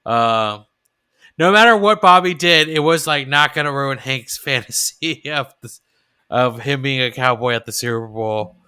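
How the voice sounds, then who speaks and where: A man co-hosting a podcast, chatting casually about a cartoon episode with relaxed, agreeable reactions and fillers. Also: medium pitch, a little slow, clean tone. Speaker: podcast co-host.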